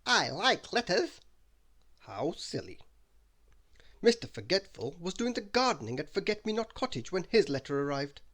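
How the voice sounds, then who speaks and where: A man reading a children's bedtime story aloud in an animated, expressive way. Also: on the high side, moderate pace.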